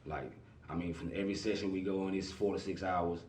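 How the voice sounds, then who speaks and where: A man, a guest in a casual interview, talking in a relaxed, rambling way full of fillers. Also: low voice, fairly quick, distant mic, slight background noise. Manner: relaxed, rambling, many fillers like "you know what I mean". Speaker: artist manager, guest. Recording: echoey room, voice off-mic.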